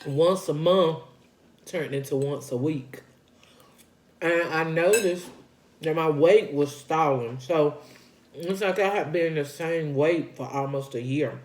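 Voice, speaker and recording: Slow-talking woman chatting in an echoey room. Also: sits low, a little mellow. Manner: chatty and folksy, circles back and repeats points; talks between bites of food. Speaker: vlogger sharing her weight-loss journey. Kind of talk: casual chat while eating on camera.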